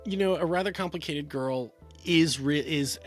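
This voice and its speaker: A man's voice: fairly high pitch, normal speed, soft background music. A man giving a casual talking-head film review, rambling, with many fillers and restarts.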